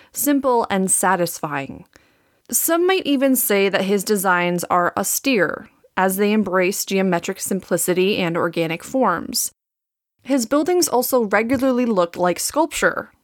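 A woman with a Wisconsin accent hosts a history podcast, reading a scripted story and dropping in wry, chatty remarks. Her pitch sits in a middle range for a woman. The recording is close and dry, with no room sound. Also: no room sound. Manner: conversational, wry asides. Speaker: podcast host. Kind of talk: scripted history narration with asides.

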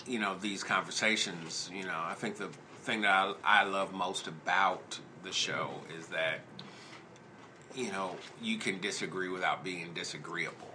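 Male podcast host, low voice with a bright edge; earnest, stop-start casual chat. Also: slight background noise. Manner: halting, heartfelt, many restarts.

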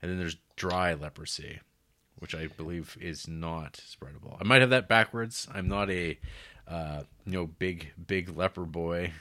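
A man with a lowish voice chats casually on a podcast. He retells film scenes with energy. He keeps jumping into quoted voices as he goes. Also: measured pace, bright, forceful tone. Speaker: podcast co-host.

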